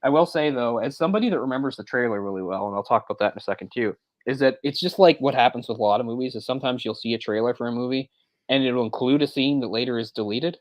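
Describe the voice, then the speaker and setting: A man's voice: mid-range voice, fast, no room sound, rough recording. A man co-hosting a movie discussion podcast, talking in a rambling, self-correcting way with frequent chuckles. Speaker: podcast co-host.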